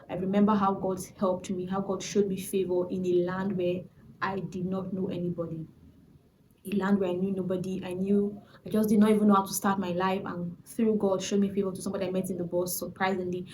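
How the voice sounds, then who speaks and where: A young woman with a Nigerian accent telling a personal faith testimony in a chatty, animated way, often restarting her sentences. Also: medium pitch, fairly quick, a little hiss or hum, poor audio. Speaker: vlogger.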